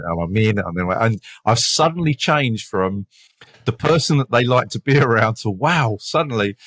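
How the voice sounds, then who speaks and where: A low-pitched man with a London accent talks casually about his police work, restarting and repeating words as he goes. He laughs easily while telling stories. The sound is close and dry, with no room echo. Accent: London English. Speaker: detective. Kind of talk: casual podcast storytelling.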